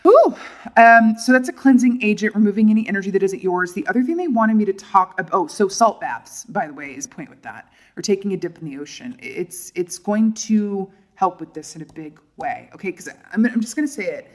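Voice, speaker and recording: A woman's voice: medium pitch, lively intonation, a little fast. Chatty, theatrical woman reading tarot. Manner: chatty, theatrical, talks straight to the viewer. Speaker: tarot reader.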